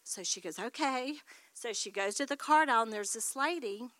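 A woman telling an animated testimony story and acting out what people said. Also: fairly high pitch, moderate pace, no room sound. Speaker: congregation member sharing a testimony.

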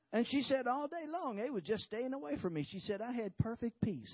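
A man's voice: very high-pitched, normal speed, hardly any pauses, slightly rough, no room sound, muffled recording. A man preaching a sermon, telling a story with many repeated "he said"s and hallelujahs. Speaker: pastor.

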